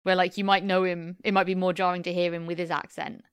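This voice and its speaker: A woman's voice: fairly low pitch, flat delivery, fast, clean tone, dry recording, studio quality. A woman co-hosting a casual film podcast, chatty and a little hesitant. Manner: chatty, hesitant, bursts into indignation. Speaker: podcast co-host.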